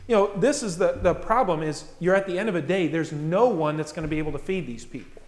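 A man with a fairly high voice delivers a sermon to his congregation, talking in a relaxed, conversational way and peppering his points with rhetorical questions. His voice rings through a large room with a long reverb tail, heard in a church hall. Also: fairly quick, hardly any pauses. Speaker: pastor.

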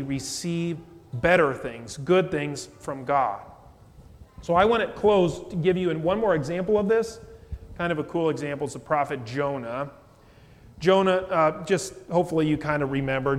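Male pastor, chatty sermon delivery, somewhat high voice, long echo of a large church. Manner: conversational, asks "okay?" and chuckles.

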